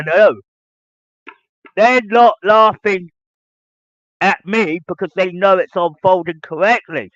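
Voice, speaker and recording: Male podcast host, high-pitched, repetitive lecturing rant; dull, dry recording. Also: fairly bright tone, no room sound. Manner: ranting, repetitive, lecturing listeners directly. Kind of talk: podcast monologue.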